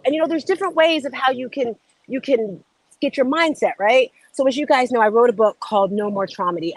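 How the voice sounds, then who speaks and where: A woman coach chatting live to her online viewers, with a fairly high voice. She is upbeat and talkative and keeps calling out to her audience by name. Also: dry recording, low-quality recording. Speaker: life and fitness coach, show host. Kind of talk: casual livestream chat.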